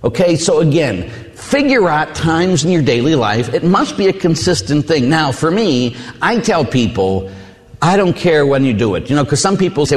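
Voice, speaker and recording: Man, priest, storytelling sermon, acts out voices, very lively pitch, echo of a big hall. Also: normal speed. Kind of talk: sermon with personal stories. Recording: long hall reverb.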